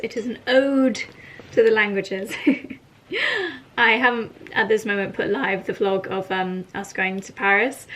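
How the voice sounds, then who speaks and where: A woman's voice: medium pitch, a bit bright, a little hiss or hum, poor audio. A woman chatting casually to camera at home in a playful, giggly way. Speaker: lifestyle vlogger. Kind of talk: casual vlog chat to camera. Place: at home indoors.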